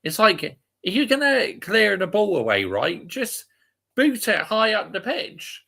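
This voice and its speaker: A man's voice: sits high, sing-song, unhurried, creaky, sharp tone, slightly rough. A man chatting about a football match as a fan, grumbling at poor play.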